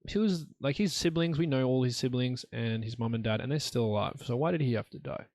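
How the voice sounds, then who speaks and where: A man's voice: mid-range voice, fairly quick, darkish tone, no echo. A young man hosting a solo podcast, talking in a blunt, profane, rambling way. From Australia. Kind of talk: rambling casual monologue.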